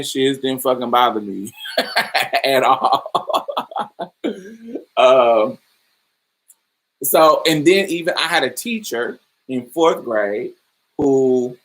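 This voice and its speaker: Very slow and prone to frequent pauses, this Indiana podcast host has a mid-range, fairly bright voice. He chats through personal stories in a casual storytelling style, laughing often and calling his listener "baby."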